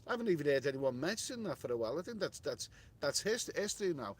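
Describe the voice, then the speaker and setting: A man's voice: fairly high pitch, sing-song, fast. A middle-aged man hosting a casual live stream, reading viewer comments aloud and answering in a rambling way, with many repeated words and restarts. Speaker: travel livestream host reading viewer chat. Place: hotel room.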